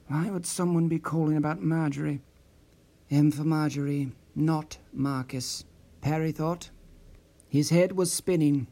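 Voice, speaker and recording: Male storybook narrator, fairly high, measured reading. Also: little pitch movement, gravelly. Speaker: audiobook narrator. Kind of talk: scripted narration.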